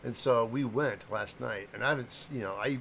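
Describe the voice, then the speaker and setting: Gravelly man chatting on a livestream. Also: medium pitch, fairly quick, fairly bright tone, slight background noise. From American Midwest. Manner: rambling, chatty, greets viewers, stumbles over names. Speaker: livestream host and prop maker. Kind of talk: casual livestream chat.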